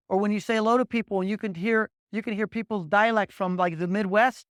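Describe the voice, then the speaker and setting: A middle-aged man with a fairly high voice gives an energetic sales training talk. He acts out little sample conversations and often repeats words as he goes. The sound is dry and close, with no room around him. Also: quick pace, clear, resonant tone, no room sound. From Las Vegas, Nevada.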